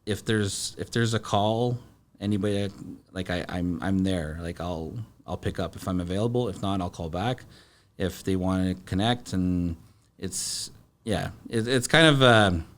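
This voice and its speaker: Halting low-voiced man. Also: fairly bright tone. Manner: halting, many fillers and restarts; plain-spoken, swears in stories. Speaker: podcast guest, contractor. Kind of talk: casual storytelling.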